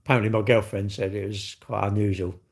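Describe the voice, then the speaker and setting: Middle-aged English man, live-stream host; low, gravelly, rambling and cheeky. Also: flat delivery, quick pace. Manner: rambling, cheeky, jokey banter with chat. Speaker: livestream host. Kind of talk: casual live-stream chat.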